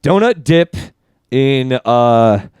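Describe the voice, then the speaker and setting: A man co-hosting a podcast, rambling through loose, laughing stories with plenty of casual swearing. His voice is smooth and clear and sits in a middle register. The sound is dry and close. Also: mid-range voice, animated, very slow, darkish tone, dry recording. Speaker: podcast co-host. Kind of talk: casual chat.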